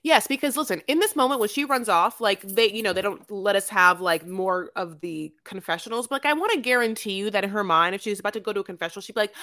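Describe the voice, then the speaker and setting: A woman co-hosting a casual podcast about a reality TV show, talking emphatically and rambling, with sudden high outbursts. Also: animated, fast talker, few pauses, pushed and bright, no echo, studio quality. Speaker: podcast co-host. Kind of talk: casual reality TV recap chat.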